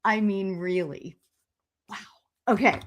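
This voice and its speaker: Woman medium hosting a live stream, mid-pitched, gushing and rambly, laughs a lot. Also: slow. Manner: gushing and excitable, with frequent laughs and exclamations; chatty and rambling, with fillers and restarts. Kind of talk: live-stream tarot card reading.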